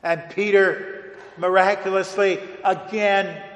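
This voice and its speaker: A man preaching a sermon as a pastor, earnest and deliberate, with dramatic pauses, recorded in a church sanctuary. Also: high voice, fairly even intonation, fairly bright tone. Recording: echoey hall with long reverb.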